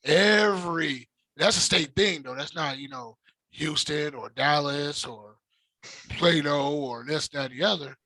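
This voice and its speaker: A man's voice: on the high side, a little slow, sharp tone, dry recording, poor audio. A man from Texas chatting casually, laying out his points one by one with emphasis. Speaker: podcast co-host. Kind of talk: casual chat.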